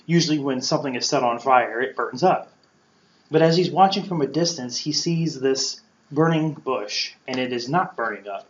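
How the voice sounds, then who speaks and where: A man at a middle pitch gives a relaxed Bible talk and slips into playful voices for the people in the story. The sound is roomy and a bit dull, like a lo-fi room recording. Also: slight background noise. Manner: conversational, acts out quotes playfully. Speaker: podcast host teaching scripture. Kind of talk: casual Bible teaching.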